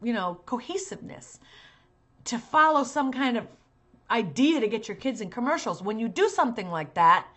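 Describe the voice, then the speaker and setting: A middle-aged woman, a talent manager, giving earnest and emphatic advice to parents, turning sharp and scolding at times. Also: a little high, lively intonation, normal speed.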